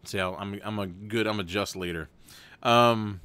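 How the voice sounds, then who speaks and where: A man's voice: on the low side, steady tone, normal speed, bright, forceful tone, smooth. A man hosting a live stream, narrating a gamebook and breaking off into rambling, chatty asides with frequent restarts.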